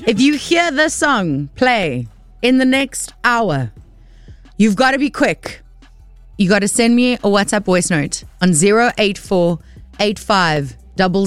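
A woman's voice: medium pitch, clean tone, no room sound. A woman presenting on the radio, chatty and playful with rambling asides. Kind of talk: casual radio chat. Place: radio studio. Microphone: studio microphone.

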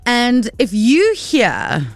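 A woman's voice: a little high, wildly swooping pitch, very slow, no room sound, soft background music. Chatty woman radio presenter. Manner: chatty and playful, rambling asides. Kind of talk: casual radio chat. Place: radio studio. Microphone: studio microphone.

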